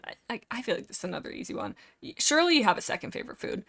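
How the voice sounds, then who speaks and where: A woman's voice: a little high, big pitch swings, racing, vocal fry, fairly bright tone. A young woman streaming from home, chatting casually and rambling as she reads and answers viewer comments. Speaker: live streamer.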